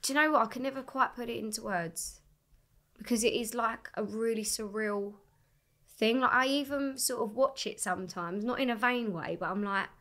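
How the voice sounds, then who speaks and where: A young woman, a singer, telling her story in a casual interview, animated and swearing freely as she acts out what people said. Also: a little high, moderate pace. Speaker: singer guest.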